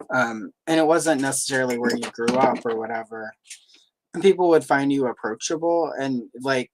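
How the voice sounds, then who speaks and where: A woman's voice: very deep voice, no room sound, rough recording. A woman from the Southern United States who has no accent, chatting casually and rambling as a livestream host. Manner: chatty, rambling, many fillers. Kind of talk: casual chat.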